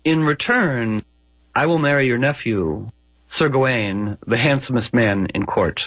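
A man's voice: mid-range voice, unhurried, no room sound, phone-quality sound, natural voice. A man voicing a grotesque, commanding hag in a spoken storytelling piece, bold and bargaining.

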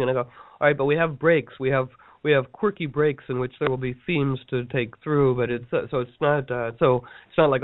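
A man teaches a course by telling long, rambling stories, acting out the quotes in them as he goes. His voice sits in a middle pitch and comes through a narrow, tinny phone line with no room sound at all. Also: fairly quick, hardly any pauses, dry recording. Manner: rambling, animated, acts out quotes. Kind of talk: storytelling talk on a teleseminar.

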